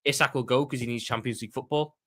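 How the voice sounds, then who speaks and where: Male co-host, rapid and bright, swears, spars with the host. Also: mid-range voice. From the Wirral, England. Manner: animated, swears, quick comebacks. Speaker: co-host, football pundit. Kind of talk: casual banter.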